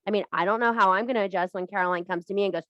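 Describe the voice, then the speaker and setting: A woman's voice: mid-range voice, steady tone, very fast, no echo, muffled recording. A plain-spoken woman teaches her followers about witchcraft in a loose, chatty pep talk. She swears freely and drives her points home by repeating them. Her voice sits close to the mic in a dry, dead space. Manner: blunt and profane, emphatic repetition. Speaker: witchcraft teacher and live streamer. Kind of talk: casual spiritual pep talk.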